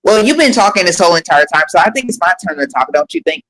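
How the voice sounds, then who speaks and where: A man who is a guest on a live-stream panel. He boasts and taunts in a halting way, with stammered restarts and constant filler words. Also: sits high, lively intonation, sharp tone, low-quality recording. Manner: taunting, self-praising. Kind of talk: boastful casual chat.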